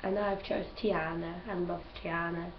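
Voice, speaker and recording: A young woman chats on her vlog, gushing and laughing often while answering questions. Her fairly low voice has little pitch movement and an unhurried pace. The home recording sounds roomy, distant and dull, with a little hiss or hum.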